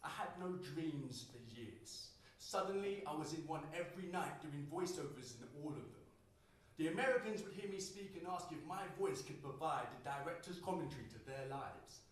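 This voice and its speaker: A man's voice: on the high side, expressive, normal speed. A young British man from the UK performing spoken word poetry at a live poetry night, rhythmic and dryly humorous. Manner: rhythmic, dry humor, shifting emphasis. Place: live poetry night, roomy indoor venue. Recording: very echoey room, mic far off.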